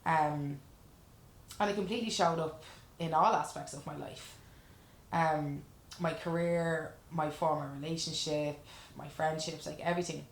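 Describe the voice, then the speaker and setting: A woman's voice: sits low, fairly even intonation, unhurried. A woman life coach talking earnestly and frankly in a casual chat, reflecting and swearing now and then. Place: room in a lash salon. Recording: roomy echo.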